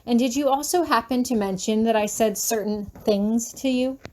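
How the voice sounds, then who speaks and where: Woman reading cold, clipped male professor, fan fiction audiobook, voice on the high side. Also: moderate pace, mellow, close to an everyday voice. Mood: angry. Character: stern male professor, guarded and angry.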